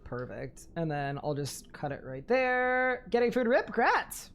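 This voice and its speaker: A young woman giving live gaming commentary on a stream, talking to chat, excitable and quick to laugh. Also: a little high.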